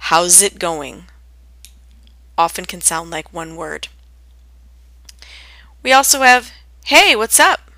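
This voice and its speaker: A woman gives a lesson on everyday English greetings, her tone bright and a little sharp. She speaks clearly and deliberately, lifting her voice to act out each example phrase. The recording is dry and close. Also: on the low side, dry recording. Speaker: English teacher. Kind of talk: scripted lesson on spoken greetings.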